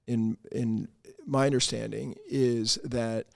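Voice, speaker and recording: A man with a gravelly edge to his voice co-hosts a church podcast. He talks through scripture thoughtfully, restarting his sentences as he explains. The recording is dry and close. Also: mid-range voice, level tone, slow pace, dry recording. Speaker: priest and podcast co-host. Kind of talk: conversational scripture discussion.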